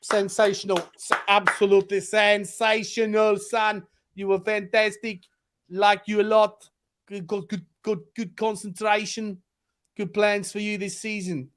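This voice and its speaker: A man's voice: high voice, flat delivery, measured pace, a bit bright. A man puts on an effusive South African-accented coach voice. He gushes, repeating his praise over and over to a player, delivering it in a lightly mocking tone. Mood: praising. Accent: South African, put on.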